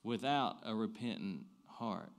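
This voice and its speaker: A man, preaching a sermon. He swings between loud emphatic bursts and quiet low asides, and often restarts his phrases. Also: expressive, a little slow. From American South. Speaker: pastor.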